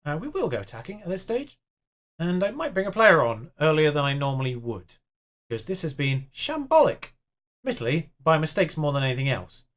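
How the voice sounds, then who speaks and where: A man's voice: a little high, very animated, brisk, fairly bright tone. A young man commentating his own game, chatty and self-mocking, muttering along as the match plays out. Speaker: YouTube game player. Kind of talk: let's-play commentary.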